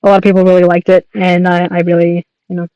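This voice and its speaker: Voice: medium pitch, monotone, fast talker, clear, resonant tone, dry recording, muffled recording. A young adult artist chatting casually on a livestream while drawing, rambling, laughing often and swearing.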